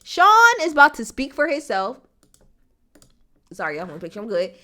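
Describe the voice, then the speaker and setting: A woman's voice: a little high, wildly swooping pitch, a little fast, pushed and bright. A young woman giving blunt, exasperated commentary in casual talk, swearing heavily. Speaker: commentator reacting to a court case.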